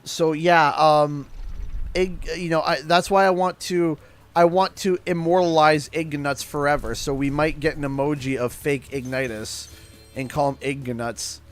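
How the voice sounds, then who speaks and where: A young Canadian man chatting casually on a gaming livestream, laughing often and talking excitably as he reads out chat. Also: fairly high pitch, unhurried. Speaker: streamer.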